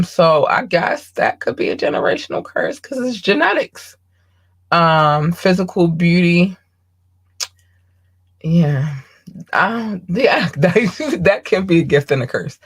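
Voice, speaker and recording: A woman hosting a podcast, talking bluntly and candidly in a casual monologue, swearing freely and often pausing with ums. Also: sits low, animated. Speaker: podcast host.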